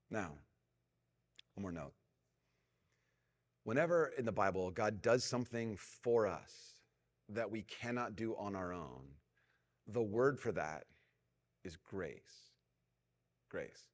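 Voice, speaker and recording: A middle-aged man preaching a sermon as pastor, telling a self-mocking story and dropping to a hushed, prayerful tone. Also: lowish voice. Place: large church hall. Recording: long reverb of a church hall.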